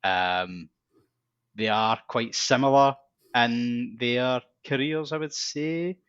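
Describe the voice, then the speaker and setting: A man's voice: mid-range voice, slow, a bit bright, smooth, no room sound. A man, a guest in a casual chat, talking bluntly with jokey asides. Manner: blunt, jokey, short interjections. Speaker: podcast guest. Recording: dull dry lo-fi mic.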